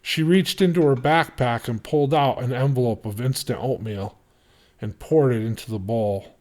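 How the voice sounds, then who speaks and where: A man reading a novel chapter aloud in steady, measured narration. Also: mid-range voice. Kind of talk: audiobook reading.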